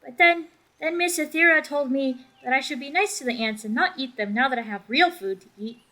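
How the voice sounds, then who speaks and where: A woman's voice: sits high, a little fast, sharp tone. A woman voicing an eager little girl who grew up wild in a forest, talking in a matter-of-fact, childlike way. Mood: excited.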